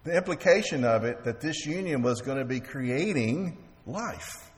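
A man preaching a sermon as pastor, halting and repeating words while he asks the congregation questions. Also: medium pitch, expressive. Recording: long reverb of a large hall.

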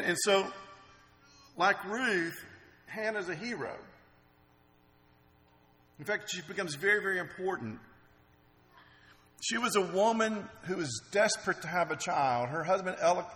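A man's voice: a little high, fairly bright tone. A middle-aged man preaching a sermon in an earnest, conversational way. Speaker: pastor. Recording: long reverb in a large hall.

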